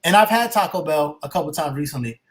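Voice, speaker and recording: A man's voice: a little high, expressive, fast. A man co-hosting a podcast in casual chat, giving dry teasing replies. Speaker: podcast co-host.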